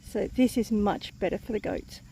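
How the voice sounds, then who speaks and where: A woman's voice: mid-range voice, moderate pace, creaky, mellow, slight background noise. A woman vlogging outdoors on her farm, chatty and rambling, tired and a bit out of breath. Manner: chatty, rambling with fillers and self-corrections. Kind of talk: casual outdoor vlog.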